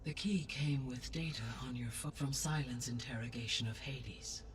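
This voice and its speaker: A precise, formal artificial intelligence. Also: female voice, extremely low pitch, noisy background. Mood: grave. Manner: measured, precise, formal delivery. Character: calm female artificial intelligence overseeing Earth. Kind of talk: video game cutscene dialogue. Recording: game audio from a distance, with music.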